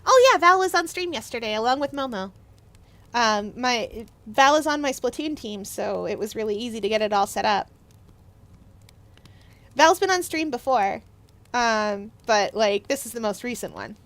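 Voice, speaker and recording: A woman streamer reading a classic story aloud on a live stream and chatting excitedly with viewers. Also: fairly high pitch, normal speed.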